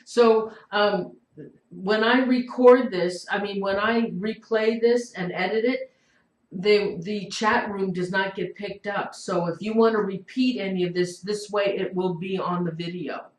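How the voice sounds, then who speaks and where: A woman hosting a live online show, calm and reassuring with her guest. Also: medium pitch, a little slow, echoey room, low-quality recording. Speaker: show host.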